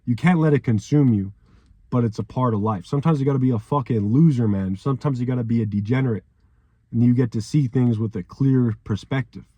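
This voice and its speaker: A young man pours out a raw, emotional motivational speech, swearing freely and hammering phrases home. His voice is dark and mellow. The sound is close and dry, with little room around it. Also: mid-range voice, a little fast, dry recording. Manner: intense, profane, repeats "man". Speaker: vlogger.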